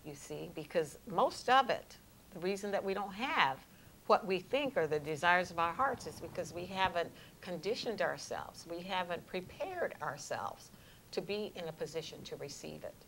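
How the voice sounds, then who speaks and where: An American woman minister in an interview, explaining ideas calmly with everyday examples. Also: on the low side, normal speed, slight background noise. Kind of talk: interview conversation.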